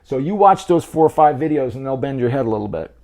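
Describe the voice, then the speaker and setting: A man's voice: medium pitch, lively intonation, fast talker, a little mellow. A man hosting a casual health video, talking to the camera between bites, chatty and encouraging, often repeating and restarting words. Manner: encouraging, speaks straight to the viewer. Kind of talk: casual talk to camera while eating.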